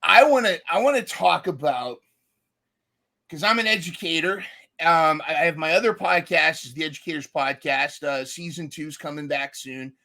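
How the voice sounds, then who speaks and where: A man's voice: fairly high pitch, normal speed, pushed and bright. A man hosting a podcast, chatting enthusiastically and rambling with frequent restarts. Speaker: podcast host. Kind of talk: casual conversation.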